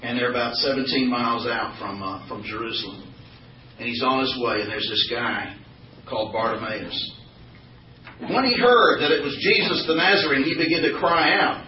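A man's voice: medium pitch, moderate pace, a little hiss or hum. A man teaching a Bible study, asking the group questions and joking as he goes. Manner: animated, asks the group questions, jokes. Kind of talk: informal sermon to a small group. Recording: roomy distant dull recording.

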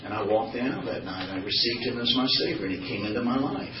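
A man's voice: fairly low pitch, fast, noisy background. A man teaching a Bible study, asking the group questions and joking as he goes. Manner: animated, asks the group questions, jokes. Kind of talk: informal sermon to a small group. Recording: roomy distant dull recording.

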